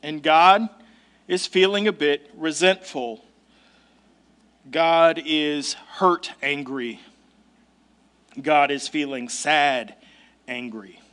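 High-voiced man preaching conversationally. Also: drawn-out words, long pauses, a bit bright, clean tone. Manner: conversational and emphatic, with casual asides. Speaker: pastor. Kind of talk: sermon.

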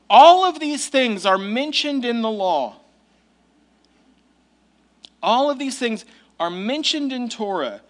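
A man's voice: very high-pitched, big pitch swings, unhurried, long pauses, fairly bright tone. A male pastor giving a sermon in a conversational, emphatic way with casual asides.

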